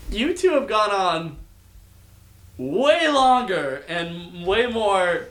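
A young man co-hosting a casual podcast chat, speaking in a measured, hesitant way with fillers. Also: sits high, big pitch swings, fairly bright tone. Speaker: podcast co-host. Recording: roomy, faint background noise.

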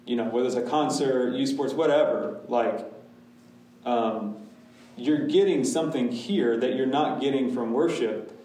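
Man, pastor, candid classroom Q&A, mid pitch, distant mic in a very reverberant room. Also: unhurried, warm tone. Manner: candid, talks in restarts and asides. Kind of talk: casual Q&A with a church class.

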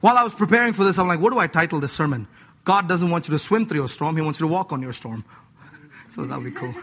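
A male preacher giving an animated, playful sermon, acting out voices, laughing and mixing scripture with casual slang. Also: on the high side, quick pace, husky. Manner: mixes scripture with slang like "dude".

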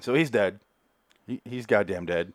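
Podcast host, male, lowish voice, loose and sarcastic, swears freely; dry close recording. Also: no room sound. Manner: rambling, sarcastic, acts out characters' lines in quick asides. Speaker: podcast host reviewing a TV show. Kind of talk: casual profane recap.

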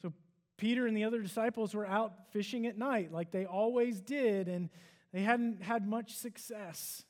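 High-voiced man preaching conversationally. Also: moderate pace, darkish tone. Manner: earnest, conversational storytelling with fillers. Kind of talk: sermon.

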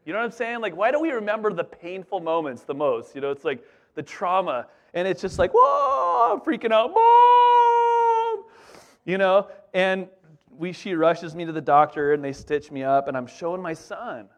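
A middle-aged man preaching as a pastor, telling a childhood story in a lively, conversational way full of asides to the congregation. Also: on the high side, a little fast, muffled recording. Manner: animated, conversational, repeats "you know what I'm saying". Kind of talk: storytelling sermon.

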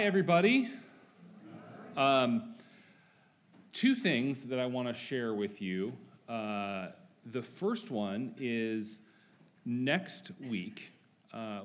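A man giving announcements at a church service, speaking hesitantly with many fillers. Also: mid-range voice. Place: church sanctuary.

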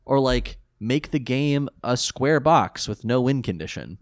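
Animated joking male podcast co-host. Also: mid-range voice, measured pace, no room sound, clean studio sound. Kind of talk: casual recap chat.

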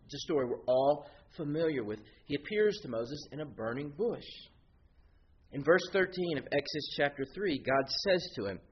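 A man with a fairly high voice preaches, rising and falling animatedly as he explains scripture. The recording sounds dull and lo-fi, with faint noise underneath. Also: normal speed. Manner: animated teaching, explaining Greek words step by step. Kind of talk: expository sermon.

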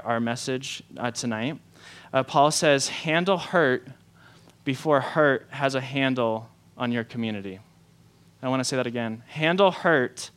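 A man preaching a sermon to his congregation, conversational and animated, acting out the lines he quotes. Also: fairly high pitch. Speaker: pastor.

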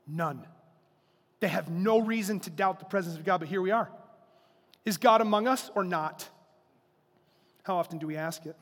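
A high-pitched man delivers a sermon from the pulpit, switching into acted-out voices for the people he quotes. His words ring out with a long reverb from the church hall. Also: moderate pace, pauses often. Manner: animated preaching with acted-out quotes. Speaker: pastor. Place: church sanctuary.

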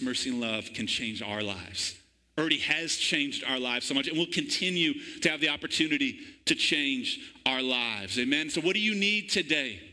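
A man's voice: mid-range voice, bright, forceful tone, rough recording. A man preaching a sermon in church, calling out to the congregation for an amen. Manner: call-and-response preaching, asks congregation for amen. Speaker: pastor.

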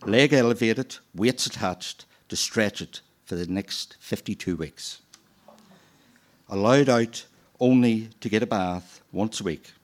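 A man with a lowish voice tells a personal story on stage. He takes his time, unhurried and reflective, and slips into the voices of the people he remembers. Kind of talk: live true-story telling.

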